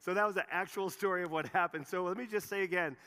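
A man preaching a sermon, telling a story with animated, repetitive phrasing in a church hall. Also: high voice, fast, smooth. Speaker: pastor.

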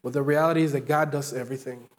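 A man's voice: mid-range voice, steady tone, rapid-fire. A man preaching a sermon as pastor, earnest and emphatic, driving his points home with repeated phrases.

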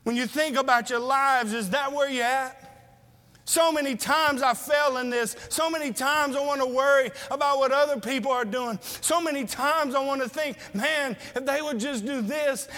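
A man's voice: very high voice, fairly even intonation, moderate pace, sharp tone. A male pastor preaching a sermon in a church, earnestly asking his listeners questions in a plain-spoken way. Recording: long reverb of a hall.

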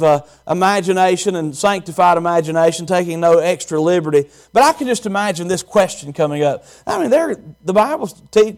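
High-voiced preacher, folksy. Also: male voice. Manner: folksy, animated, quizzes the congregation. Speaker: pastor. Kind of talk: sermon.

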